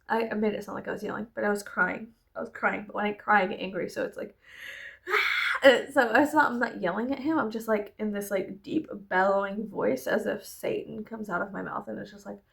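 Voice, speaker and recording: Gravelly-voiced woman rambling and laughing. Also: fairly high pitch. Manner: rambling, laughing often, swearing freely. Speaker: vlogger. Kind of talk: casual chatty vlog.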